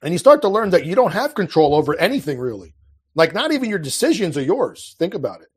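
A man with a husky, slightly breathy voice that sits a little high for a man. He talks earnestly and with passion, often breaking off and restarting his sentences in a loose, conversational flow. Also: sing-song, fast. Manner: earnest, impassioned, with frequent restarts. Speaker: podcast guest. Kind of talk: casual conversational monologue.

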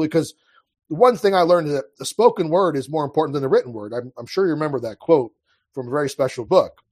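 Husky-voiced man talking earnestly. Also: fairly high pitch, lively intonation, fast talker. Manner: earnest, impassioned, with frequent restarts. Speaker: podcast guest. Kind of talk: casual conversational monologue.

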